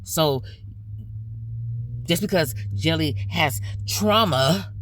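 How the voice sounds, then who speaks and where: A woman's voice: sits low, very slow, a bit bright, a little hiss or hum. A woman hosting a commentary channel, ranting bluntly and profanely about online drama, stretching words for emphasis.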